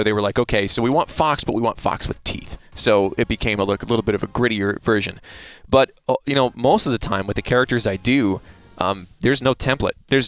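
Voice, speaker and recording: A man, a voice actor being interviewed, talking in a chatty, relaxed way with many restarts. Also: lowish voice, smooth. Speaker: voice actor guest.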